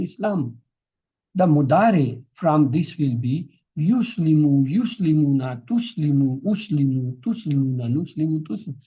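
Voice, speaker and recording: Husky man teaching verb grammar. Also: on the high side, warm tone. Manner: drills verb forms, quizzing students. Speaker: Quranic Arabic teacher. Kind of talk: classroom grammar lesson. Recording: dull lo-fi recording.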